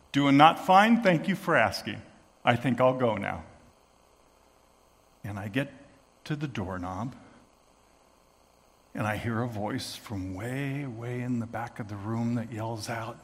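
A man preaching a sermon as a story, moving from hushed tones to shouting. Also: medium pitch, animated, unhurried, long reverb tail. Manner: dramatic, swings from hushed to shouting.

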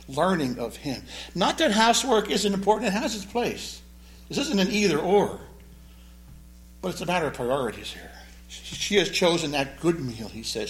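A male pastor preaches in a lively, swooping voice that sits a little higher than most men's. He tells the story with jokes and playful asides. He breaks from the narrative to explain the Greek wording. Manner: animated, joking storyteller who explains the Greek. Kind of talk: sermon.

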